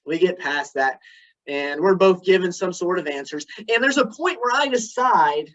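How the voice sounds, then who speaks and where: A man delivering a prepared club speech, telling stories with dramatic pauses. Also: high voice, animated, fairly bright tone. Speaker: club speaker. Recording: dull lo-fi recording.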